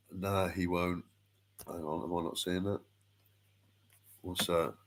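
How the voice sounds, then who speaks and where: Blunt, sweary boxing pundit. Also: male voice, deep voice, level tone, slow pace. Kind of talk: casual panel chat.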